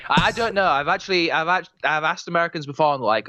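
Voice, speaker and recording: A man's voice: fairly high pitch, fast, pushed and bright, no room sound, dull audio. A man from East Yorkshire with a Yorkshire accent, a caller chatting hesitantly over a headset. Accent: Yorkshire English. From East Yorkshire, England. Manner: hesitant, many restarts. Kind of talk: casual chat on a call.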